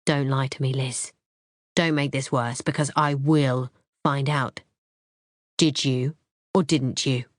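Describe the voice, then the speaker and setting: A woman reading an audiobook, voicing a grown man in a cold, clipped rage, low and scarily calm. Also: unhurried, long pauses, breathy edge, dry recording, studio quality, heavily acted. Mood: coldly furious. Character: furious boyfriend, grown man, cold and harsh. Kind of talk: audiobook character voice.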